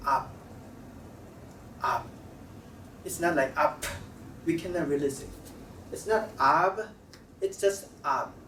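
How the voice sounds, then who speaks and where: A man teaching pronunciation in a slow, halting lecture, stopping often to repeat single sounds. His voice sits fairly high for a man. The recording is roomy, with the mic a little distant. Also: sharp tone. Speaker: Korean language teacher. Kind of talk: classroom lecture at a board. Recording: roomy, slightly distant mic with faint room noise.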